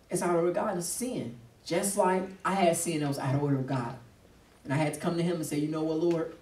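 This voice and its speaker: A man with a fairly high, darkish voice talks quickly as a pastor preaching with passion in a discussion. He leans on his words emphatically and plays out the voices of people he quotes, heard through a distant mic in a roomy space.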